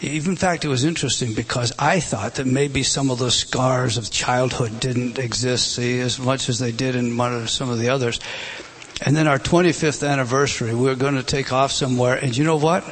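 A man's voice: mid-range voice, fairly even intonation, brisk, breathy edge. A middle-aged man preaching a sermon, emphatic, with rhetorical questions. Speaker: pastor.

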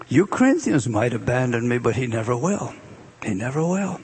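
A man preaching a sermon, explaining the meanings of words and swinging between emphatic raised passages and hushed, drawn-out repetitions. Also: medium pitch, big pitch swings, vocal fry, a little hiss or hum.

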